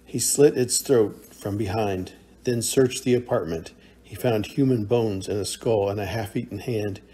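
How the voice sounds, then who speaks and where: A man narrating a science fiction short story in a measured, steady reading. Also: lowish voice, breathy edge.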